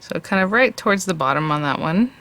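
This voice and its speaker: A woman's voice: lowish voice, animated, fairly quick, fairly bright tone. A woman hosting a craft tutorial, chatting casually and thinking aloud as she works.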